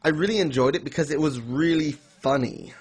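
A man's voice: fairly high pitch, fairly quick, breathy edge. Rambling man in casual chat. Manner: rambling, retells scenes with chuckles and fillers. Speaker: podcast co-host.

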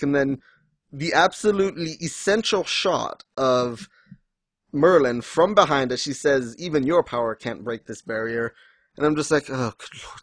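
A man in casual chat, recapping story scenes and acting out characters' lines in quick little voices, laughing often. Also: medium pitch, no echo. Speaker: podcast co-host discussing a manga.

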